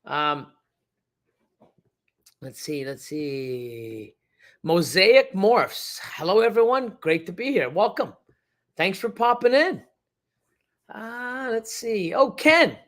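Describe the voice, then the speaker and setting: A man's voice: high-pitched, lively intonation, takes it slowly, long pauses, a bit bright. A middle-aged man hosting a casual livestream, rambling with many fillers and restarts as he reads the chat. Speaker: reptile breeder hosting a livestream.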